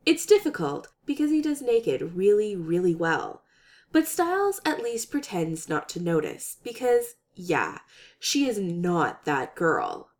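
A woman reading a comic story aloud with expressive, animated narration. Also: on the low side, unhurried. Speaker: story reader. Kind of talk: reading fan fiction aloud.

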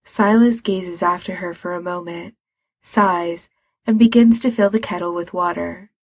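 A woman reading a story aloud as narrator, in an even, measured manner. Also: on the low side, breathy edge, no room sound. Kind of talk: reading fan fiction aloud.

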